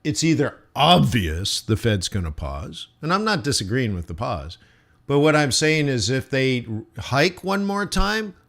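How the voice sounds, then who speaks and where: A man hosting a live trading show, talking through the market in a blunt, animated way. His voice sits at an ordinary middle pitch, and he mocks the traders he thinks have it wrong.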